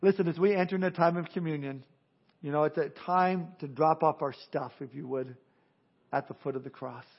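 High-voiced animated male pastor. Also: a little fast, gravelly, dull audio. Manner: animated, acts out crowd voices, drops to hushed earnest tones. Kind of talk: sermon.

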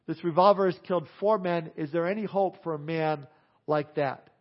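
Brief: preacher playing a desperate, guilt-stricken man, higher voice, muffled lo-fi recording. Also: moderate pace, lightly acted. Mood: pleading. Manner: pleading, raised and emphatic. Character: remorseful grown man, gambler and saloon keeper, pleading. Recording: dull lo-fi sound.

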